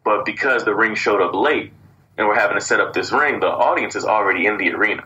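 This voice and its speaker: A young man, a wrestler from Cleveland, telling stories in a casual interview with an animated, boastful trash-talking manner. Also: fairly low pitch, fast, muffled recording. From Cleveland, Ohio. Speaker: wrestler guest.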